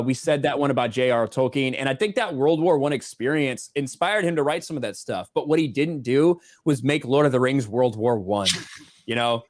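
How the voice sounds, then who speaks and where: A man's voice: mid-range voice, no echo, studio quality. A man co-hosting a casual livestream, reading out viewer donations and swearing offhandedly. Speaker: livestream co-host reading superchats.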